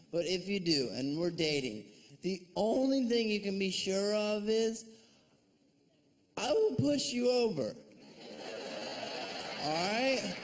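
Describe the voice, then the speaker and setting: A man doing a sardonic, mocking stand-up comedy set on stage, slipping into shrill put-on voices. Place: comedy stage before a live audience. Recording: live stage recording with audience noise.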